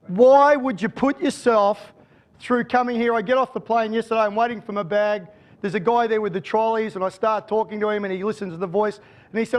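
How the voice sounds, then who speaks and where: High-voiced Australian man telling stories. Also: steady tone, fairly quick. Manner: storytelling, joking. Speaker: guest speaker and sports strategist. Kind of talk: conference keynote speech.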